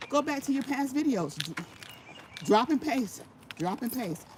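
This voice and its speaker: A high-pitched, sing-song woman speaks a little slowly while walking laps for a casual motivational vlog. Sharing channel tips, she's emphatic and restates her points for emphasis, with noise in the background.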